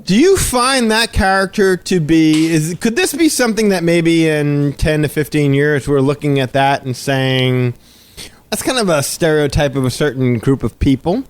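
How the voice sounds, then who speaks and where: A man's voice: on the high side, lively intonation, normal speed, clear, resonant tone. A man from South Louisiana hosting a fan podcast in casual chat, posing questions to his co-hosts with frequent restarts. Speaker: podcast host.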